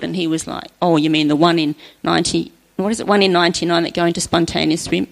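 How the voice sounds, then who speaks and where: A middle-aged woman sharing an earnest personal faith testimony at church, chatty and often laughing softly. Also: lowish voice, quick pace, vocal fry, few pauses, rough recording.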